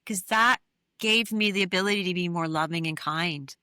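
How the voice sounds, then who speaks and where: A woman's voice: on the low side, normal speed, pushed and bright, clean tone, no room sound, clean studio sound. A middle-aged woman, an interview guest, telling a personal story in an earnest, candid way with many fillers. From New England. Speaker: interview guest, therapist and author.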